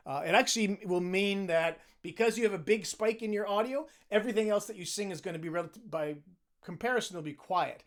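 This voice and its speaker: A man's voice: sits high, a little fast. A man whose voice is worn from cheering, giving a choir chatty, self-deprecating instructions and singing lines to demonstrate. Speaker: choir director.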